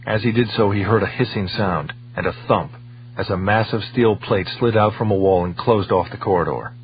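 A man reads a story aloud as narrator, steady and measured, in a lowish voice. The recording sounds dull and lo-fi, with a faint hum underneath. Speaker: audiobook narrator. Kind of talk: scripted narration.

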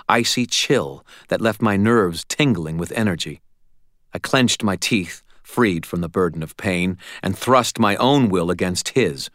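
A man narrating a first-person audiobook in a steady, dramatic way, recorded close on a studio mic. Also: sits low, no echo.

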